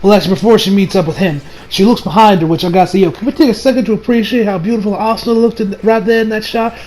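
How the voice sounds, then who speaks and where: A man giving a casual, rambling anime episode review, slangy and excitable, often laughing at his own remarks. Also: high voice, very fast, a little hiss or hum, poor audio.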